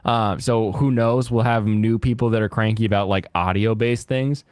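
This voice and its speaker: A man's voice: lowish voice, normal speed, clear, resonant tone, dry recording. A man streaming a game who chats, rants and laughs often, speaking into a close desk mic. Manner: animated, ranting, laughs often. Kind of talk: casual gaming stream chat.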